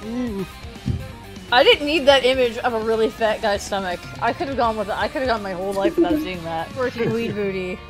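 A woman's voice: a little high, animated, music in the background. A woman making sarcastic, joking commentary on a video game she is playing. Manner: joking, sarcastic, quick to laugh. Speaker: let's play co-commentator.

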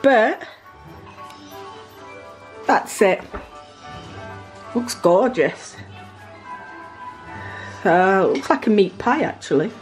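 A woman's voice: medium pitch, animated, very slow, pauses often, faint music behind. A middle-aged woman with a South Yorkshire accent, chatting casually as she narrates her daughter's baking for a family vlog in a home kitchen. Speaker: mum filming a family vlog.

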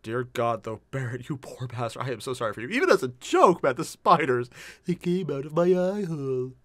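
An excitable reaction host comments casually and swears freely. The pitch is animated and the sound is dry and close. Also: a little fast, no room sound.

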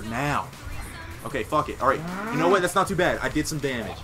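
A man doing casual gameplay commentary, loud and crude, often yelling. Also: a little high, expressive, brisk. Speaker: let's play gamer. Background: game music.

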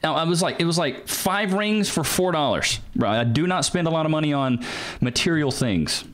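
A man's voice: a little high, lively intonation, normal speed, fairly bright tone. A man hosting a casual reaction show, bantering in slang and laughing often. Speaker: host reacting to clips.

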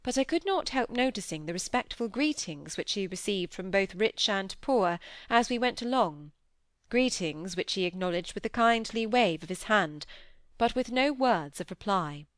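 A woman narrating a classic novel as an audiobook reader, with measured, even reading. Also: medium pitch, no room sound, clean studio sound.

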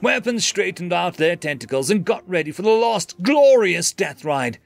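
A man's voice: sits high, very animated, moderate pace, creaky. A man narrating a scripted science fiction story in a dramatic, dry manner.

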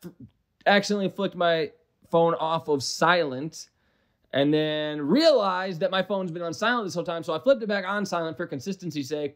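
Young Midwestern man, slightly high voice, casual rambling game commentary, self-deprecating and profane. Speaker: gaming commentator.

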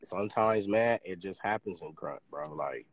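A man talking in a casual podcast chat, excitable and swearing freely, his pitch jumping high when he gets worked up. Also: moderate pace, background noise. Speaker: podcast host.

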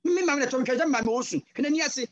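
Impassioned Ghanaian preacher, dry sound. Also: male voice, very high-pitched, very fast, no echo, muffled recording. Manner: impassioned, switching between English and Twi, rising to loud cries. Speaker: guest pastor. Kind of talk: sermon. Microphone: video call.

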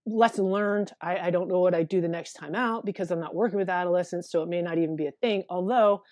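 A woman therapist in a casual interview, talking haltingly and repeating words as she thinks aloud. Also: on the low side, darkish tone, no room sound, studio quality. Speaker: therapist guest.

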